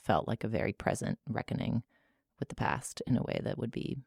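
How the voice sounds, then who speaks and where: American woman co-host, very deep with vocal fry, dry close mic. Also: lively intonation, a little fast, a little mellow, no room sound. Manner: chatty, trailing restarts. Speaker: podcast co-host. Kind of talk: casual chat.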